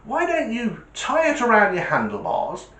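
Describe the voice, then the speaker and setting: A man's voice: sits high, wildly swooping pitch, moderate pace, pushed and bright, reverberant, voice pushed up, exaggerated voice. Man doing a hearty sports-car bloke. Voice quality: chummy, hearty. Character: brash, cheery Porsche driver man.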